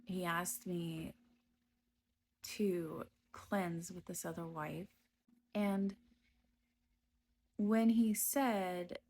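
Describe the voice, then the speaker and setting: A woman giving a personal testimony about her past, speaking slowly and hesitantly with frequent pauses and restarts. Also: lowish voice, fairly even intonation, darkish tone, slight background noise. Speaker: storyteller recounting her past.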